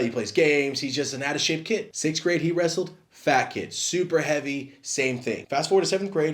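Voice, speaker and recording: A young man telling a funny story from his school days, acting out the quoted lines with big swings in pitch and loudness. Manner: acts out quotes with big jumps in pitch and volume. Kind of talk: animated comedic storytelling.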